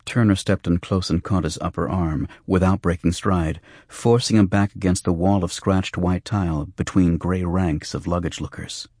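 A man reading a novel aloud in measured, hushed scripted narration. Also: deep voice, steady tone, no room sound, studio quality. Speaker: audiobook narrator.

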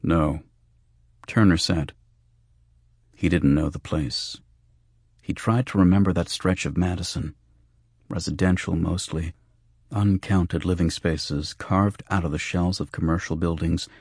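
A man reading a novel aloud in measured, hushed scripted narration. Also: deep voice, dry recording, clean studio sound. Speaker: audiobook narrator.

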